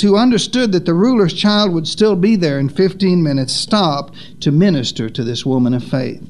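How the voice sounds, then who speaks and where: A man delivering a sermon in a fairly high voice. He leans on dramatic pauses and lets his pitch fall low to land each point. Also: a little mellow, a little hiss or hum. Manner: dramatic pauses, rises and drops in pitch for emphasis. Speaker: preacher.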